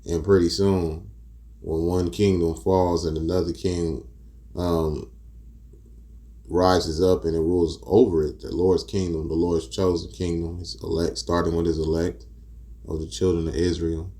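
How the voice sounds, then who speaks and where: A man with teaching scripture in a casual street style, mixing verses with profane stories and rising loud and high when outraged. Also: level tone, unhurried. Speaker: preacher.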